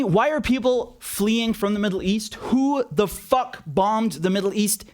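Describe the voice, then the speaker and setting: A man with a high voice delivers a heated, sarcastic commentary, swearing freely and piling on outrage. He talks like a political commentator reacting to clips for his own show. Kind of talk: indignant video commentary.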